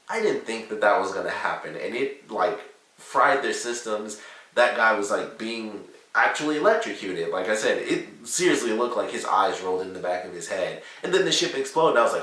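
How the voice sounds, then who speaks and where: A man giving a casual, rambling spoken review of a TV episode, excitable and full of "like" and "you know". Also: lowish voice, fairly quick. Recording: roomy echo, distant from the mic.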